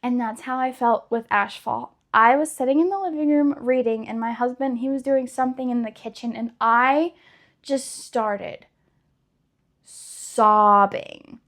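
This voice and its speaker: Woman, young adult, casual chat, gushing and chatty, slightly high voice. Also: unhurried, a bit bright. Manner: chatty, gushing, many likes. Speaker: book vlogger.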